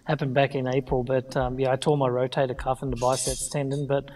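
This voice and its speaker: Middle-aged Australian man, easygoing guest, mid-pitch, picked up from a distance. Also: fairly quick, a little hiss or hum. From Sydney, Australia. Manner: relaxed, easygoing. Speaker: guest, former triathlon champion. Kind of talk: casual interview chat. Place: couch at home. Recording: distant from the mic.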